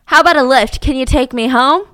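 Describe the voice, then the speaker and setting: A woman's voice: high-pitched, fairly quick, fairly bright tone, clear, resonant tone, no room sound, clean studio sound. A woman voicing a young man who chats up a stranger in an eager, friendly way, with stammers. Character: smooth-talking young man charming a stranger.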